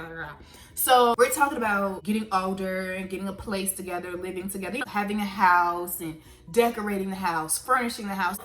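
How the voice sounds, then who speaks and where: A young woman telling a casual story to camera, animated, swearing freely and jumping between laughs and outrage. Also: mid-range voice. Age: young adult. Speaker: vlogger.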